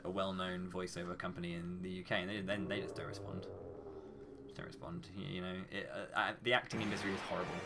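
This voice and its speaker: A British man ranting passionately in casual live-stream commentary, swearing freely as he talks. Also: low voice. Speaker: speedrunner and streamer.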